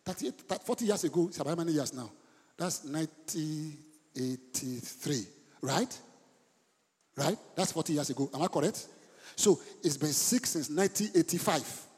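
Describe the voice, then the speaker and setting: This sermon comes from a middle-aged Nigerian pastor whose fairly high, slightly rough male voice moves at a moderate pace through a church hall with long reverb. He alternates dramatically between hushed asides and loud outbursts, switching languages mid-sentence and repeating words for emphasis.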